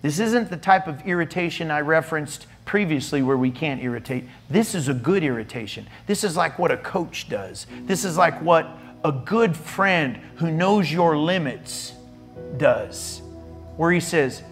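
A middle-aged pastor preaching in a church, his voice sitting notably high for a man. He teases and scolds his congregation in a lively, playful way, with faint music playing under his words. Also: measured pace. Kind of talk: sermon.

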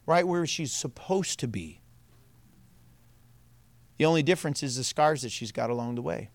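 A man's voice: medium pitch, animated, normal speed, dry recording. A man preaching a sermon as pastor, telling stories animatedly and laughing often.

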